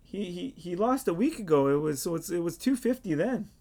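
A man's voice: high-pitched, lively intonation, brisk, creaky, warm tone, pitched below the performer's own voice, heavily acted. A man voicing a shrewd male halfling bookie who talks in a folksy, rambling way.

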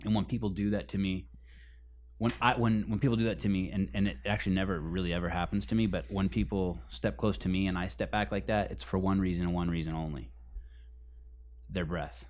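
Male podcast host, lowish voice, loose profane storyteller, casual banter. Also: fairly even intonation, a little fast, darkish tone. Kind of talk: casual chat.

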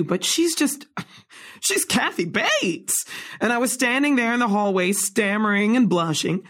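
A self-deprecating playwright, voiced by a woman, trails off and laughs nervously in a modern drama. Her mid-pitched voice swoops widely, hesitant and polite. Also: husky, heavily acted. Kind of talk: contemporary stage drama dialogue.

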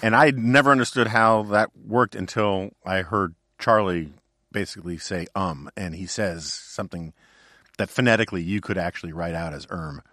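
A man's voice: deep voice, moderate pace, a bit bright, no room sound, clean studio sound. A man hosting a podcast in casual chat, easygoing and amused. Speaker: podcast host.

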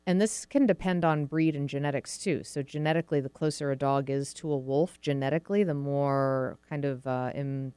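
A woman with a very deep, mellow, smooth voice hosts a dog podcast, drawing on her work as a dog trainer. She talks at normal speed with hardly any pauses, carries a light Pacific Northwest American accent, and casually acts out what dogs and owners might say, with no echo.

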